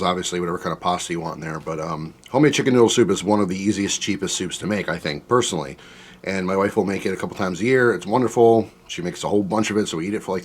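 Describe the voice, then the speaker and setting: A man tasting spicy soup on camera, talking in a chatty, rambling way with lots of fillers while his mouth burns from the heat. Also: deep voice. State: mouth burning from spicy food. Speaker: food reviewer. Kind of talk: casual taste-test vlog.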